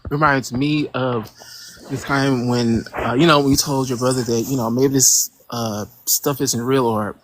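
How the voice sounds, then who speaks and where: A caller on a call-in show who talks casually and hesitantly, with many fillers, searching for words and growing animated when incredulous. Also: medium pitch, a little slow, slight background noise.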